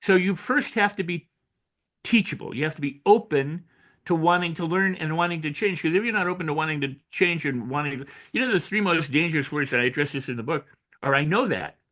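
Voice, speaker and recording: An older man, an author and coach, talking in an interview with animated storytelling, acting out quoted voices and often restarting his sentences. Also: on the high side, a little fast. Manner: frequent restarts and repetitions. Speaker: author and personal growth coach. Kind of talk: interview conversation.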